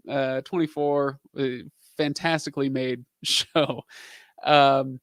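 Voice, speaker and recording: A man's voice: mid-range voice, level tone, slow pace, a bit bright, no echo, clean studio sound. A man in his thirties hosting a casual live stream, answering viewer questions in a rambling, chatty way with lots of fillers.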